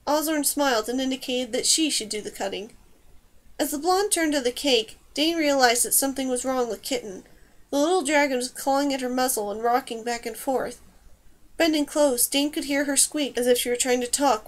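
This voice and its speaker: High-voiced woman reading a fantasy story. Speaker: audiobook reader. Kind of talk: scripted narration.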